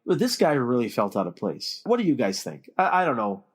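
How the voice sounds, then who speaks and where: A man's voice: medium pitch, wildly swooping pitch, brisk, breathy edge. A man hosting a casual movie podcast, opinionated and steering the chat with questions. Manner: opinionated, leads the discussion with questions. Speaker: podcast host.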